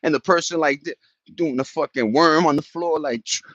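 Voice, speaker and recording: Animated New man telling stories. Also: moderate pace, dry recording, muffled recording. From New York. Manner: animated, slangy, jumps into high-pitched impressions and beatboxing. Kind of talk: casual storytelling chat.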